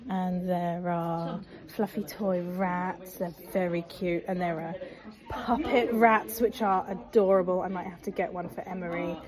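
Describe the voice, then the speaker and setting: A woman chats through a vlog in a museum gift shop, enthusiastic and full of laughing asides. She takes her time with each phrase. A crowd bustles around her. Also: on the low side. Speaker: vlogger. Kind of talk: casual vlog chat.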